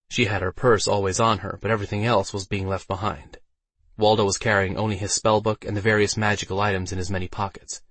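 A man narrating a fantasy audiobook with steady storytelling delivery. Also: fairly low pitch, fast talker, slightly rough, no echo.

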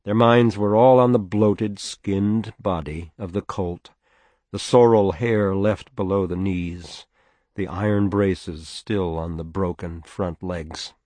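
A man reading a novel aloud in a measured, steady audiobook narration. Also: deep voice, no room sound.

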